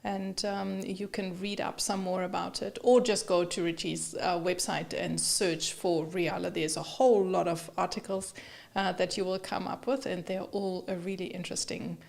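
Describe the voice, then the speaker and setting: A woman co-hosting a photography live stream, chatting casually with viewers and her co-host, with many fillers and pauses. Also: lowish voice, little pitch movement, gravelly, a little mellow.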